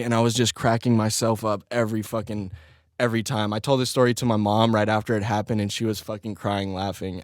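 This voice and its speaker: A man's voice: medium pitch, no room sound, studio quality. A young man hosting his own podcast, telling a crude, self-mocking story in casual chat and laughing often. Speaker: podcast host.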